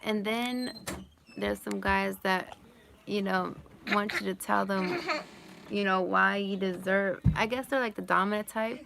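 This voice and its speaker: Woman, mid-pitched voice, very gravelly, casual live chat, rambling, giggly. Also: a little slow, background noise. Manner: rambling, full of "like" and "you know"; giggles often while talking. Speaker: live-stream host answering chat questions.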